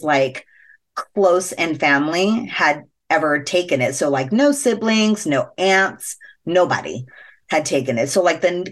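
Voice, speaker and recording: Woman guest on a podcast telling her story, lots of "like" and laughs, kinda low voice. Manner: animated, chatty, laughing often, many fillers. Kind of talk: personal storytelling in an interview. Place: podcast interview.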